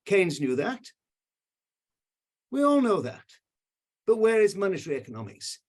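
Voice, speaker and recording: A man's voice: high voice, sing-song, normal speed. An older man on a video call giving emotional, indignant remarks with emphatic repetition. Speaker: panel commenter.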